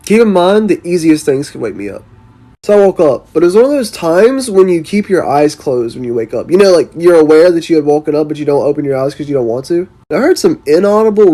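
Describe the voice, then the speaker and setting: A man with a fairly high, warm and mellow voice recounts a creepy night. His telling is casual and hushed, slowing down to build suspense. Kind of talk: casual storytime.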